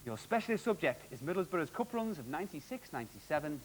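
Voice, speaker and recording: Upbeat, lively, high-voiced male quiz host. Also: a little hiss or hum, poor audio. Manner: jokey, upbeat, quick quizmaster delivery. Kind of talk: televised quiz hosting.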